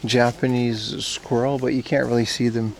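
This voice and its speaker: A man's voice: mid-range voice, little pitch movement, moderate pace, creaky. A man from Aruba joking and swearing as he chats to viewers on a casual outdoor livestream. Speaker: streamer. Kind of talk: casual IRL livestream chat. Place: outdoors at a zoo park.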